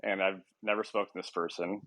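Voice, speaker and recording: Rambling low-voiced man, casual chat. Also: little pitch movement, quick pace, fairly bright tone. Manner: rambling, laughs often, many ums and restarts. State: short on sleep. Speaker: podcast host.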